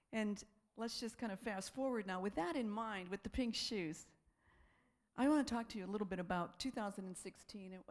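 A woman with a medium-pitched voice preaches a sermon built around a personal story. She's animated, laughs often and acts out her own thoughts.

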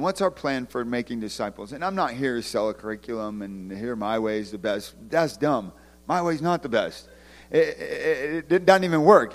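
A man leading a ministry, giving a conversational sermon talk in an animated storytelling way with loud outbursts. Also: mid-range voice. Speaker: ministry leader. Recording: long hall reverb.

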